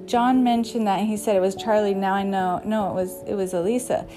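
A woman's voice: medium pitch, fairly even intonation, fairly quick, mellow, soft background music. A woman hosting an episode, telling rambling stories in a chatty, casual way and chuckling now and then. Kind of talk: casual storytelling.

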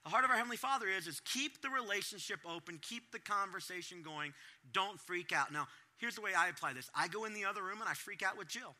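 A middle-aged man preaches to parents in a high, lively voice that leaps up and down as he acts out his own reactions. His tone is bright and forceful, never still for long. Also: quick pace. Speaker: pastor. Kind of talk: sermon to parents.

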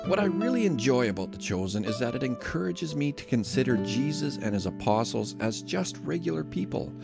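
A man reading scripture aloud in a measured, expressive way, then giving a casual devotional comment on a close mic. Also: medium pitch, vocal fry. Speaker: Bible reader and podcast host.

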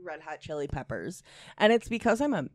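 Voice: mid-range voice, sing-song, brisk, dry recording. A podcast co-host chatting casually, ranting with strong opinions, swearing, and reading articles aloud.

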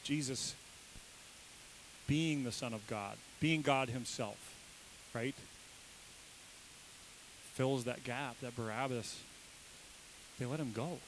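A man preaches a sermon in a relaxed, conversational way at an ordinary pitch. He keeps checking in with his listeners and jumps into quoted voices with sudden emphasis. A faint hiss sits under the recording. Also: slow, long pauses, poor audio. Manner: conversational, asks the congregation questions. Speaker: pastor.

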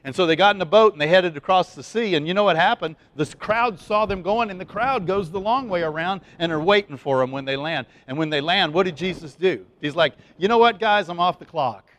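A man's voice: sits high, a little fast, few pauses, fairly bright tone. A man preaching a sermon to his congregation in a loose, conversational way, full of asides, fillers and restarts. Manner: chatty, folksy, lots of fillers and restarts. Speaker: pastor.

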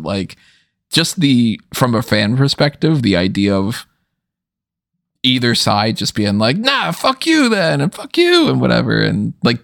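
A man co-hosts a wrestling podcast in a low, gravelly voice. He talks in a loose, animated way, swearing and laughing freely. The recording is close and dry. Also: no echo. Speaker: podcast co-host. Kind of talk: casual wrestling discussion.

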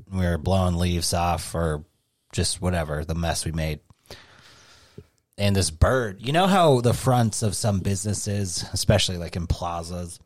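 A man's voice: deep voice, no echo, clean studio sound. A man co-hosting a podcast, telling a rambling, swear-heavy story in casual chat. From New England. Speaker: podcast co-host.

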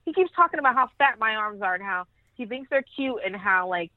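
A woman's voice: medium pitch, fairly quick, no room sound. A woman co-hosting a podcast joins over a thin, phone-like line, her voice dry and close with no room sound. She talks in a loose, casual way, swearing freely and breaking into laughs. She tells her stories with plenty of life. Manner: swears freely, laughs often, animated storytelling. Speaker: podcast co-host. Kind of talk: casual recap chat.

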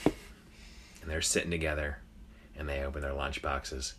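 A man's voice: a bass voice, normal speed, very noisy. A man co-hosting a podcast, casually telling a long joke with lots of swearing. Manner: profane, animated storyteller. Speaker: podcast co-host.

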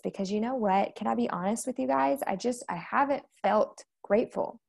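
A woman's voice: fairly high pitch, moderate pace, vocal fry. A woman hosting a live faith book study, talking candidly and chattily to her viewers, recorded on a phone or webcam. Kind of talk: casual spoken book discussion. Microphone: phone or webcam on a social live stream.

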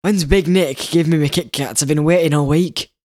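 A young man, co-hosting with his father and teasing him in a deadpan way with short answers. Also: fairly high pitch, moderate pace, no echo, clean studio sound. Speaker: host's son, co-host.

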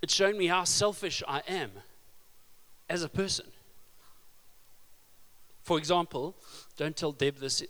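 A man, preaching a sermon with humorous stories and loud emphasis. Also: fairly high pitch, measured pace, long pauses. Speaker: pastor.

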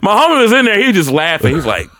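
A young man telling a rowdy story in casual chat, profane and animated, jumping into a high excited voice for quotes. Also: very fast, no room sound.

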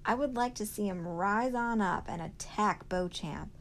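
A woman's voice: mid-range voice, unhurried, a little hiss or hum, lightly acted. A woman voicing a wise, firm older woman with a folksy way of talking.

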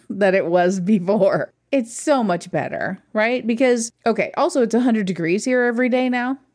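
A woman's voice: on the high side, normal speed, a little mellow. A woman co-hosting a podcast in casual chat. She is chatty and teasing, and she laughs often. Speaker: podcast co-host.

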